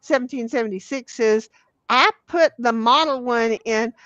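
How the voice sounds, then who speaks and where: Speaking at a moderate pace, a woman with a fairly high, somewhat bright voice runs a livestream and plays a party game. She chats casually, swears freely, laughs often, and reads viewers' messages out loud, all in dull audio with no room sound.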